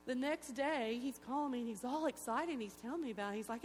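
A woman's voice: a little high, fast talker. A woman giving an emotional personal testimony at a church gathering, telling the story with animation and acting out the voices of the people in it. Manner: animated storyteller who acts out quoted voices. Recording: echoey hall with faint hum.

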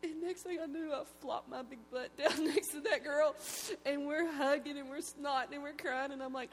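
A woman giving an emotional, folksy church testimony, telling stories with animated delivery. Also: high-pitched, normal speed, slight background noise. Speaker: testimony speaker.

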